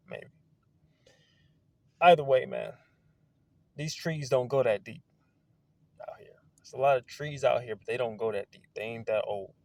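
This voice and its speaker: A man in a casual, rambling monologue outdoors, excitable and wandering, swearing now and then. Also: mid-range voice, gravelly, dry recording. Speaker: video creator. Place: outdoors among trees.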